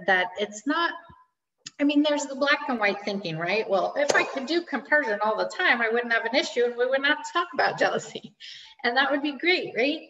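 Female relationship coach, mid-pitched, dull lo-fi audio, reflective teaching tone. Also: sharp tone. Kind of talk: teaching an online class.

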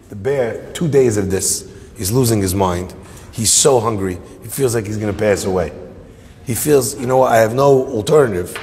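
A man, a rabbi, telling a long joke in a sermon, animated and laughing along with his own story. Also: medium pitch, slight background noise. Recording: long hall reverb.

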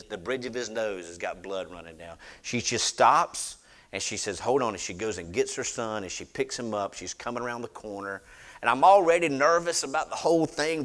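A middle-aged man, preaching a sermon as he tells a personal story, swinging from loud declarations to hushed retellings. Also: medium pitch. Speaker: pastor.

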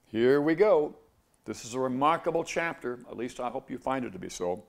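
Gravelly male Bible teacher, earnest preacher, fond of rhetorical questions. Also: mid-range voice, lively intonation, brisk.

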